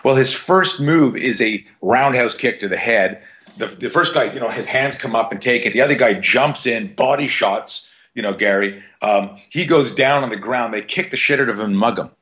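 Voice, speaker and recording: A man's voice: mid-range voice, animated, fairly quick, fairly bright tone. A man in his fifties, a self-defense coach guesting on a podcast, telling stories in a rambling, profane way full of fillers. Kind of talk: casual storytelling interview.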